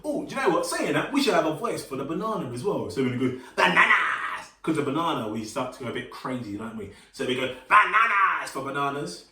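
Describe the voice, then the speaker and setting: A man's voice: medium pitch, lively intonation, fast, few pauses. A man leading a children's movement and relaxation workshop, upbeat and encouraging, with playful sing-song call-outs. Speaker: workshop leader. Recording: roomy sound, voice from some distance.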